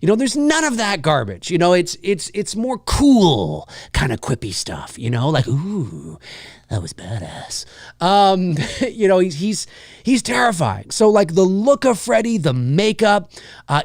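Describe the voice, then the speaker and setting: Enthusiastic rambling man, slightly high voice. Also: darkish tone, dry recording, clean studio sound. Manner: enthusiastic, rambling with many fillers; mimics lines and voices in quick asides. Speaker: host. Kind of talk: casual live-stream film talk.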